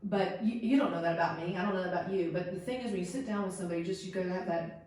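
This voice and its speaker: A woman's voice: fairly low pitch, very fast. A middle-aged woman hosting a paranormal session and patiently teaching others how to use a Ouija board, demonstrating as she explains. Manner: instructive, animated, demonstrates while talking. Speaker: host and Ouija instructor. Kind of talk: hands-on teaching during a paranormal investigation. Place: indoors in a room of an old house. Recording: very echoey room.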